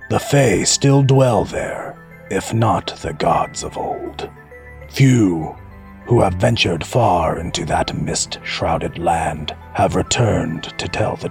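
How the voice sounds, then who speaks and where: A man voicing a gruff, stern magistrate in an audiobook fantasy story. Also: sits low, heavily acted.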